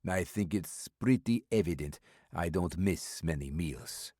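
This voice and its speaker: A burly older foreign businessman with a thick, clipped Eastern European accent, as a man puts him on. He talks slowly and deliberately, keeping his cards close. The voice is deep and sits in a dry, close sound. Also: lively intonation, mellow, no room sound. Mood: cagey, insistent. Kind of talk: audiobook character voice.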